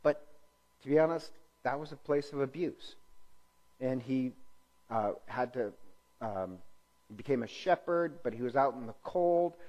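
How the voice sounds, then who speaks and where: A man's voice: mid-range voice, darkish tone, poor audio. Rambling man giving a casual lecture. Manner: rambling, many ums and self-corrections. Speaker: speaker teaching church history.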